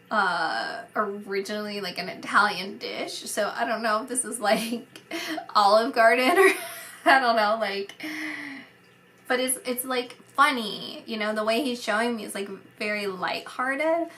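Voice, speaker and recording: Slow, bright-voiced woman giving a reading. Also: fairly high pitch, a little hiss or hum. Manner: rambling and hesitant, filled with fillers and light laughter. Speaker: psychic medium. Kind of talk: casual spoken psychic reading.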